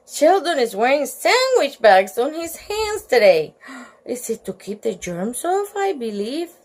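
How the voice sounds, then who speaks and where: A woman's voice: high-pitched, big pitch swings, a little slow. A woman reading a children's storybook aloud at home at night, giggling and breaking off with chatty asides.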